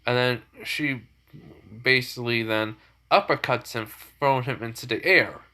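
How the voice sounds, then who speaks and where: A man's voice: medium pitch, moderate pace, sharp tone. A man casually improvising a story aloud, rambling with frequent fillers and self-corrections.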